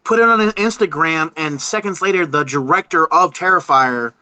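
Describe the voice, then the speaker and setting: A man talking as a podcast guest in a relaxed chat, rambling with frequent restarts and fillers. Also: fairly high pitch, no echo, low-quality recording. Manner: halting, rambling, many restarts and "you know". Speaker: podcast guest, horror artist. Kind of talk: casual interview chat.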